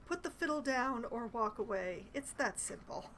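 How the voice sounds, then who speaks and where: A woman's voice: a little high, animated, moderate pace, fairly bright tone, a little hiss or hum. A woman reading a video game's lines for a foul-mouthed, defensive male dockworker boss, sounding aggressive and suspicious. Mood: hostile. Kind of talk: reading game dialogue aloud.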